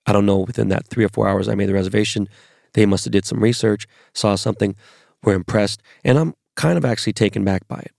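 A man's voice: on the low side, quick pace, creaky, a little mellow, dry recording, studio quality. A man from Los Angeles, perhaps in his forties, telling rambling, profane anecdotes as a podcast host. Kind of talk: casual storytelling monologue.

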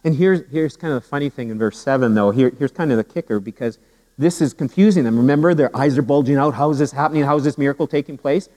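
A pastor preaching a sermon with humor and animated storytelling, often repeating his words as he goes. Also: mid-range voice, quick pace, in a large hall, poor audio. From Canada.

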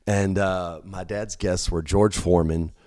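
A man's voice: measured pace, no room sound, studio quality. A middle-aged man telling stories in casual chat, acting out quoted voices with big jumps and swearing freely. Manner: animated, acts out quotes with big pitch jumps, frequent swearing. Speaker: podcast guest.

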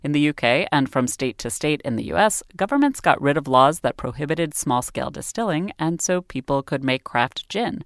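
A podcast co-host delivering scripted narration in a lively, wry way. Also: mid-range voice, moderate pace, hardly any pauses, no echo, clean studio sound.

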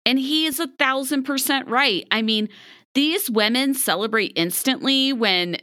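A woman co-hosts a podcast, gossiping about a show with animated, laughing energy. Her voice is bright and a little high, and it swoops widely as she acts out quotes. The recording is close and dry. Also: measured pace, no echo. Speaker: podcast co-host. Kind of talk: casual chat recapping a reality show.

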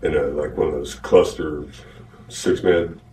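Low-voiced guy rambling through an old ring story, roomy echo, sounds far off from the mic. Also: unhurried, slight background noise. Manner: rambling, animated retelling. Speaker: wrestler telling a story. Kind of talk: casual storytelling. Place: archived interview played on a podcast.

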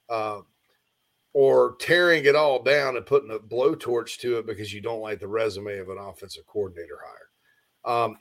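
A man hosting a casual live-stream sports talk show, rambling and animated while reading viewer comments, yawning and distracted. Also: mid-range voice.

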